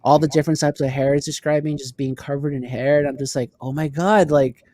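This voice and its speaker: A man co-hosting a casual podcast chat, animated and swearing now and then. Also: medium pitch, fast talker, no echo, studio quality. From Texas. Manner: animated, swears, laughs often. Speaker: podcast co-host.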